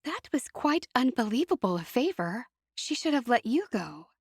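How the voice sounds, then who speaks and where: A woman's voice: fairly high pitch, sing-song, moderate pace, breathy edge, no echo, studio quality, pitched above the performer's own voice. A woman voicing an indignant young Amish sister with a slightly raised voice.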